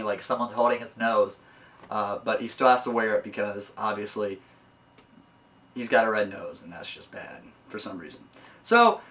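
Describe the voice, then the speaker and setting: A man's voice: medium pitch, pushed and bright. A young man casually recapping a movie's plot in a loose, rambling way, with casual swearing. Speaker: movie reviewer. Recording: voice a bit far from mic.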